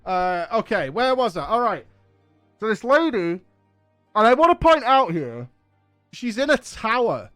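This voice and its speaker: High-voiced man telling a rant. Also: measured pace, pauses often, no room sound, clean studio sound, faint music behind. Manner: animated, exasperated, swears often. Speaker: game streamer. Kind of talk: casual storytelling.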